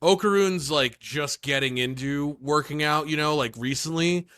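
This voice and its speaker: A man in casual podcast chat, with a bright, tense edge to his voice and a dry, close sound. He talks emphatically and swears freely. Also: fairly high pitch, moderate pace, clear, resonant tone, no echo. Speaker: podcast co-host.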